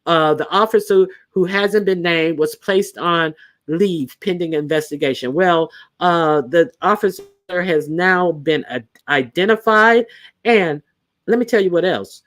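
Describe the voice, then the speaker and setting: A woman's voice: fairly low pitch, measured pace. A woman hosts a casual live stream. She talks bluntly and animatedly, often restarting her sentences as she goes. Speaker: channel host.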